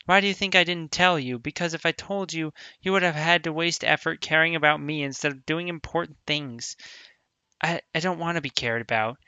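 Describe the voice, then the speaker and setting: A man reading aloud the lines of a teenage girl who seems cheerful but hides deep depression, in a soft, subdued way. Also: brisk, clean tone, no echo, lo-fi sound. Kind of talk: reading a visual novel aloud.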